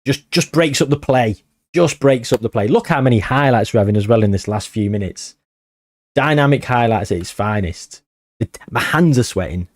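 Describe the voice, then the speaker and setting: A man giving excited, swearing commentary on a football management game he is playing. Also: medium pitch, normal speed. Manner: animated, swearing, shouting at the match. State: out of breath. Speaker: gaming streamer.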